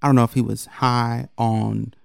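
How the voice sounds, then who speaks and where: A man co-hosting a podcast, telling a story in casual chat, animated and profane, jumping into high mocking quotes. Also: moderate pace, creaky, clear, resonant tone, no echo.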